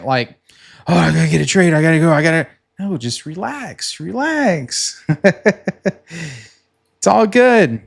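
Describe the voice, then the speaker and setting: A man casually talking through his trading session on a screen share, relaxed and chatty, pointing at the chart as he explains. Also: a little high. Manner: relaxed and chatty, many "like"s, quick laughs; talks himself through the chart while pointing at it. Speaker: futures trader recapping his trading session.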